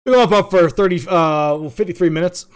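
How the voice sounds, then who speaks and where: A man's voice: high-pitched, smooth. A man co-hosting a casual podcast, joking and often restarting his sentences. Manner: fast, stammering restarts, joking. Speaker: podcast co-host, veteran.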